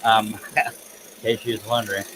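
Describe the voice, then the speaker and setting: A man's voice: on the low side, level tone, moderate pace, noisy background. A man hosting a live stream, chatting casually and poking fun at himself while he works. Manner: easygoing, self-mocking, chuckles often. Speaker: live-stream host and artist. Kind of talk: casual chat while working.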